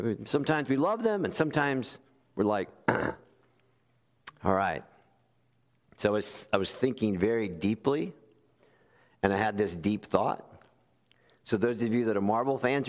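Man preaching in a reverberant hall. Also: medium pitch. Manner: animated storytelling with quoted voices. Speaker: pastor. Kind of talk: sermon.

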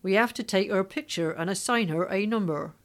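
A woman's voice: medium pitch, fairly quick, close to an everyday voice. A woman reading the lines of a stern, formal male police constable.

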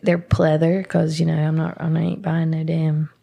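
A woman's voice: sits low, completely flat delivery, moderate pace, vocal fry, dark tone. A woman hosting a podcast, rambling and upbeat in casual chat and laughing often. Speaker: podcast host.

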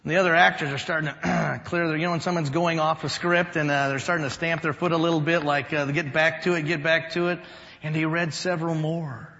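Man, pastor, sermon, slightly high voice, shifts from loud to hushed, dull sound, long hall reverb. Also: fairly even intonation, quick pace, vocal fry, hardly any pauses. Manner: storytelling, swings from loud to hushed. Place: church sanctuary.

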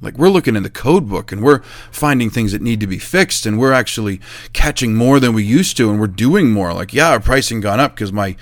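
A middle-aged man who owns a chimney service business tells a casual, animated story about his early work. He acts out the exchanges he describes and laughs at himself. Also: fairly low pitch, fairly quick, no room sound. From New Hampshire, USA.

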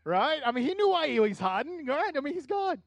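A middle-aged man preaching a conversational sermon as a pastor, building into animated bursts. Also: very high-pitched, fairly quick, no echo.

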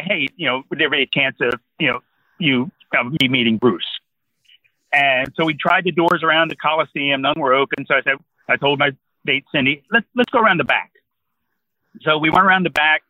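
A man's voice: fairly high pitch, expressive, fairly quick, no echo, dull audio. A man in his sixties from New Jersey, a guest telling a long rambling anecdote in casual conversation. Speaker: interview guest. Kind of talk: casual storytelling.

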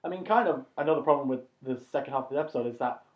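A man's voice: medium pitch, very fast. Podcast guy, dry and critical, roomy echo, muffled. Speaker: podcast co-host. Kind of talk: casual chat reviewing a cartoon episode. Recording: muffled recording in a roomy space.

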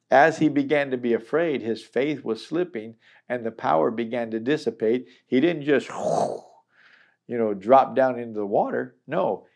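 A man's voice: mid-range voice, a little mellow. A middle-aged man teaching a Bible chapter in a conversational, earnest way, acting out the people he quotes.

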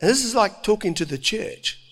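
A middle-aged man preaching a sermon, telling the story with lively acted-out voices and frequent chuckles. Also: high voice, moderate pace. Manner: animated storytelling, acting out voices, chuckling often.

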